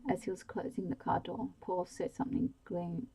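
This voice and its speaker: A woman reading a novel aloud in a soft-spoken ASMR bedtime style, slow and hushed. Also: on the low side, gravelly, slightly rough, low-quality recording. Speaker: storyteller.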